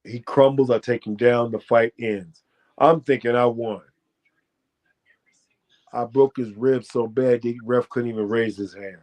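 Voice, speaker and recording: An American man, a former fighter, telling a profane, boastful story as a guest and breaking into loud shouted quotes. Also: medium pitch, steady tone, measured pace, pauses often. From United States. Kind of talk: animated storytelling.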